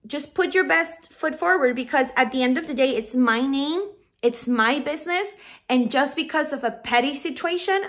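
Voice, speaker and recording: A woman's voice: high-pitched, sharp tone. A young woman who runs a balloon decorating business, telling a casual storytime straight to her viewers in a chatty way.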